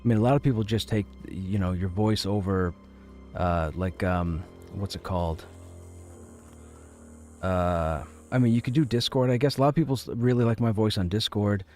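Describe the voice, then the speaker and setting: A man's voice: fairly low pitch, normal speed, darkish tone, soft background music. A man streaming a game from home, chatting casually and rambling, often repeating his phrases. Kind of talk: casual chat.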